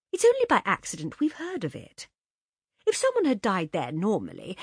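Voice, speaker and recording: A woman reading a story aloud, voicing a genteel middle-aged mother whose drawn-out, indulgent talk turns coldly firm. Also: mid-range voice, breathy edge, no room sound, studio quality.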